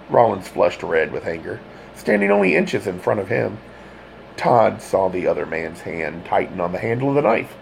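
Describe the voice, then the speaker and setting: A man reading a thriller audiobook with dramatic, expressive narration. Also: low voice, normal speed, vocal fry, a little hiss or hum.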